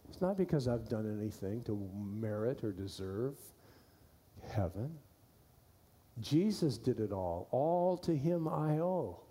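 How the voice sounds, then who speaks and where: Male pastor, unhurried folksy sermon delivery, dark warm voice. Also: medium pitch, expressive. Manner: folksy, repeats key phrases for emphasis. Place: church.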